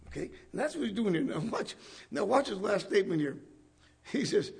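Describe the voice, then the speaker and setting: A male preacher with a rather high voice full of gravel and rasp, delivering a conversational sermon. He reads scripture aloud and keeps turning to the congregation with rhetorical questions. His voice sounds worn and husky throughout. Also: very animated, brisk. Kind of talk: sermon with Bible reading.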